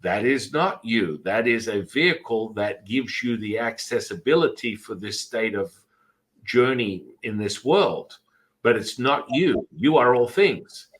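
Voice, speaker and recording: A man's voice: mid-range voice, a little slow. A man hosting a podcast, talking in a rambling, casual way about spirituality, with many fillers and repeated words. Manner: does animated voices when telling stories. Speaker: podcast host. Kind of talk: casual spiritual interview chat.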